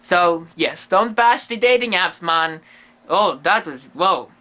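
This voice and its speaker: In full character voice, a comedy vlogger plays a quirky, lonely, self-amused male ghost medium who speaks broken English, drops his articles, and rambles through a goofy monologue. His voice is high and sharp with lively intonation, and he takes it slowly.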